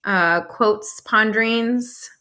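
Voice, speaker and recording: A woman co-hosts a casual podcast, her voice high and unhurried. She talks in an encouraging, giggly way, laughing often with her guests. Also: pushed and bright. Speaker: podcast co-host. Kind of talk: casual chat.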